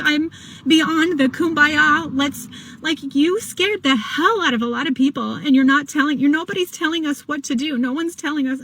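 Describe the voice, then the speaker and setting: A woman's voice: sits high, normal speed, a bit bright, slight background noise, rough recording. A woman ranting angrily and bluntly to camera, swearing often.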